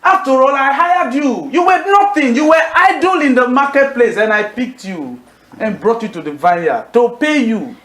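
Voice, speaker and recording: Male preacher, emphatic call-and-response delivery, lively high pitch, roomy hall sound. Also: moderate pace. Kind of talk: sermon. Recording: echoey hall.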